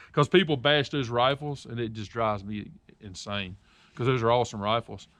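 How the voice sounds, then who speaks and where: A man's voice: medium pitch, a little slow, fairly bright tone, no room sound. A man hosting a casual interview, chatty and joking, with sarcastic asides. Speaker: outdoors show host.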